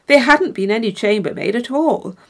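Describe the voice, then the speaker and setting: A woman reading as a dapper, sly gentleman storyteller. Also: on the high side, normal speed. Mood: grave telling. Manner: calm, grave, slightly sly delivery. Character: dapper, composed man telling a ghost story.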